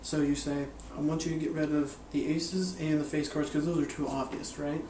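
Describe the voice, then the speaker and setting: Guy explaining a card trick, rambly and flat, kinda highish voice, echoey room, mic a ways off. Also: moderate pace, distant mic, slight background noise. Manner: rambling, hesitant, with many fillers and restarts. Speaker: magic and hypnosis instructor. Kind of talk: casual instructional explanation.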